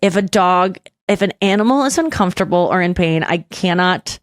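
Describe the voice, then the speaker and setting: A woman's voice: lowish voice, animated, brisk, no room sound. A young adult woman hosting a podcast, telling emotional stories in a rambling, casual way. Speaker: podcast host. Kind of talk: casual chat.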